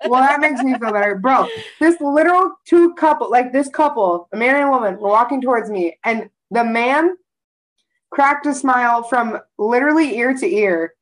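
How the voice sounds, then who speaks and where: Young woman podcast co-host, fairly high voice, loose, animated, profane storyteller. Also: moderate pace, rough recording. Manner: rambling, animated storytelling with frequent swearing and laughter. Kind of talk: casual chat.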